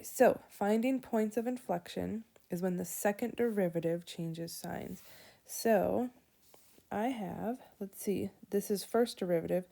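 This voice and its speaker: Slow, mellow woman teaching math. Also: medium pitch, creaky. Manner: slow, deliberate, walks through steps aloud. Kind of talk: whiteboard lesson explaining calculus.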